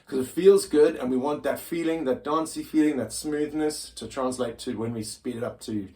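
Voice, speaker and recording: A man's voice: medium pitch, normal speed. A man teaching a casual drum lesson, loose and self-deprecating, often restarting his sentences. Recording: loud drums and music behind the voice. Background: drum kit being played.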